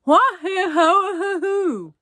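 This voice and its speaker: A woman's voice: extremely high pitch, slow, fairly bright tone, dry recording, clean studio sound, pitched above the performer's own voice, heavily acted. Woman doing a furious toothless boy. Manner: mumbled angry gumless noises. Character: furious toothless twelve-year-old boy.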